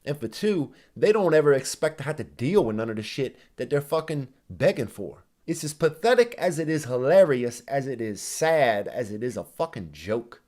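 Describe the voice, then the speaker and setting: In a sing-song, slightly mellow mid-range voice, a reaction-video host rants at a moderate pace with few pauses. He curses constantly, mocks sarcastically in asides and does exaggerated impressions of others throughout his heated commentary.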